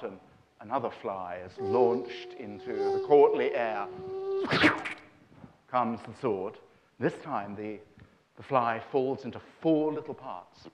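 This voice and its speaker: A man's voice: mid-range voice, lo-fi sound, a little hiss or hum. A man telling jokes on stage in a droll manner with wry asides. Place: festival stage.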